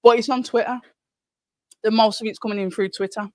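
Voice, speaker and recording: A woman's voice: fairly high pitch, steady tone, fairly quick, a little mellow, dry recording, studio quality. A middle-aged woman hosting a live stream, chatting casually and reading viewer comments aloud from home. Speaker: livestream host.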